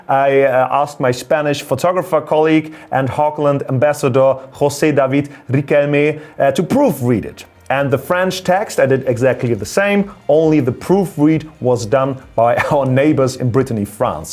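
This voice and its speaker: A man's voice: medium pitch, a little mellow. A man in his thirties with a German accent, explaining things in an upbeat vlog, lifting his voice for emphasis. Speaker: photography YouTuber and former radio presenter.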